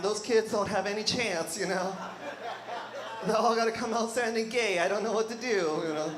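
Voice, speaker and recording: A man's voice: high voice, moderate pace. Gay male comedian doing stand-up. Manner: self-deprecating punchlines, frequent "you know". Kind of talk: stand-up set. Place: studio stage before a live audience. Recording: roomy live room with crowd.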